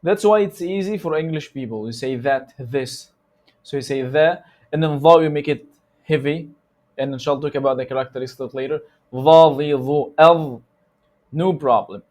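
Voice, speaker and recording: A tajweed teacher, a native Arabic speaker with an Egyptian Arabic accent, gives an instructional recitation lesson in loose conversational English. He slowly repeats sounds to demonstrate them, in a mid-range, darkish voice.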